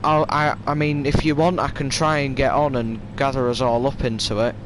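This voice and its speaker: A man's voice: mid-range voice, flat delivery, moderate pace, noisy background. A young man with a Yorkshire accent chatting casually on a game live stream, rambling through stories in a stop-start way.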